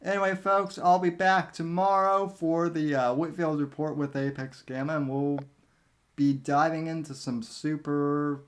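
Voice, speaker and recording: A man hosting a live online podcast, talking in a slow, hesitant, stumbling way. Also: on the high side, level tone. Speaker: podcast host. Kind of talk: casual podcast sign-off.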